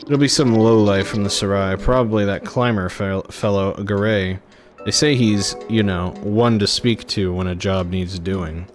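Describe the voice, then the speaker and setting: A man's voice: fairly low pitch, fairly even intonation, measured pace, few pauses, soft background music, close to an everyday voice. A man reading aloud the lines of a cold, haughty woman who runs a market, in a curt, dismissive manner. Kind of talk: reading game dialogue aloud.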